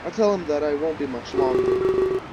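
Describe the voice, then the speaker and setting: A man's voice: a little high, huge pitch swings, moderate pace, highs cut off, a little hiss or hum. A man playing a visual novel, reading the narration aloud and dropping wry, joking asides. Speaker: video game player. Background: loud game music.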